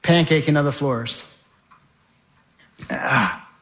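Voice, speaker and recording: A man's voice: medium pitch, slow, noisy background. A man giving a testimony as dramatic storytelling, vivid and emphatic, speaking straight to his audience.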